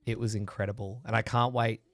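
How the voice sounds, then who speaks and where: A man's voice: lowish voice, little pitch movement, brisk, no room sound. A man hosting a livestream, chatting in a rambling way with viewers while recovering from a chest infection and coughing now and then. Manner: rambling, chatty, reads and answers chat. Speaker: livestream host. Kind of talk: casual chat with live viewers.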